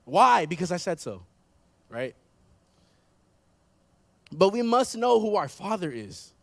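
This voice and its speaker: Gravelly high-voiced preaching man. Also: sing-song, takes it slowly, no room sound. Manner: emphatic preaching, rising in intensity with repeated phrases. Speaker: pastor. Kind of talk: sermon. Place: church.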